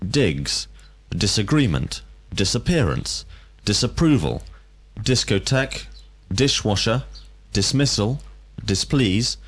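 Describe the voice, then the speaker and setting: A man reading a vocabulary list for learners with clear, deliberate enunciation. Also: lowish voice. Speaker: vocabulary reader.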